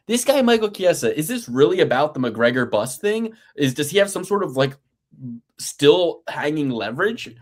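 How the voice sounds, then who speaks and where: A man's voice: fairly high pitch, sing-song, moderate pace. A man co-hosting a casual sports betting podcast, ranting with profanity and sarcastic exasperation. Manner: sarcastic, mocking. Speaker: podcast co-host.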